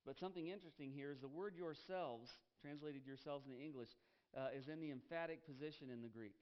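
A man's voice: medium pitch, lo-fi sound. A man preaching a sermon as pastor, emphatic, repeating key phrases and asking the congregation questions. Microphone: headset.

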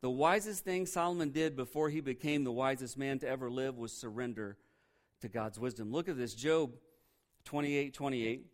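A man's voice: mid-range voice, moderate pace. A male pastor preaching a sermon in a conversational way, asking the congregation questions and laughing at himself now and then.

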